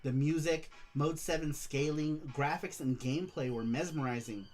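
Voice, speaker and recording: A man's voice: fairly high pitch, normal speed, darkish tone. A man hosting a casual livestream, rambling about games and reading viewer messages aloud. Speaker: show host and streamer.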